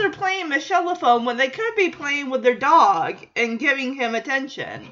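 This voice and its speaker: Chatty woman with a higher voice. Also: big pitch swings, normal speed, few pauses, pushed and bright. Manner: rambling, chatty, thinks aloud with many restarts. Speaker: podcast host recapping a sitcom episode. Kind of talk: casual chat. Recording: dull lo-fi recording.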